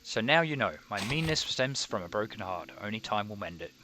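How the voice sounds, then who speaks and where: A man's voice: lowish voice, sing-song, a little fast, bright, forceful tone. A man voicing a pompous, lovesick male circus harlequin who misuses grand words, read aloud over a game. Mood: mournful. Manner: grandiloquent, uses big words wrongly. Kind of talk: reading game dialogue aloud.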